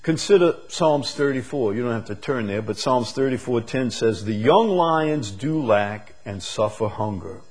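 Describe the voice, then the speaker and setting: A man preaching a sermon, drawing words out slowly and swinging from loud emphasis to hushed, quiet lines. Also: medium pitch, lively intonation, breathy edge, poor audio. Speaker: pastor.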